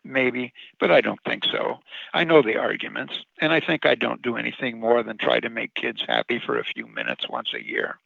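Gravelly, downcast old Santa as a man reads him, bright-edged tone, dull lo-fi radio sound. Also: mid-range voice, expressive, normal speed, no room sound, full character voice. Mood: weary, bitter. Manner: sad, tired, complaining. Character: weary, sad, aging Santa Claus. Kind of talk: storybook reading.

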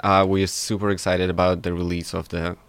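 A man's voice: deep voice, little pitch movement, a little fast, clean tone. A man, a guest musician, talking in a casual interview in a friendly, eager way.

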